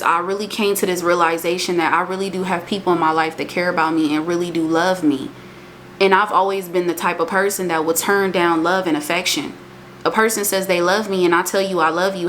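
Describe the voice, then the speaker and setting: Speaking fairly quickly, a young woman vlogs a motivational monologue in a casual, emphatic way. She sounds animated, often rising into high exclamations, and a faint hiss or hum is audible.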